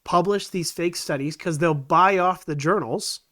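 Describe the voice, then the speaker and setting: A man's voice: on the high side, a little slow, fairly bright tone. Scratchy-voiced man, blunt co-host. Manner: blunt, scornful. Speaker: podcast co-host. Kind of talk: casual opinion chat.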